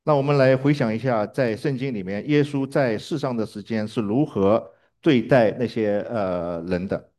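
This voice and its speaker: A man's voice: mid-range voice, normal speed, hardly any pauses, a little mellow. A man interpreting a sermon live, hesitating with fillers and restarts.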